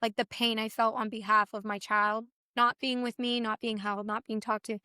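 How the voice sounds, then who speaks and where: Bright, crisp young woman telling a story. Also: on the high side, moderate pace, no echo, studio quality. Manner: animated retelling, acts out others' dialogue; filler-heavy, restarts often. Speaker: podcast guest. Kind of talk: personal story in casual chat.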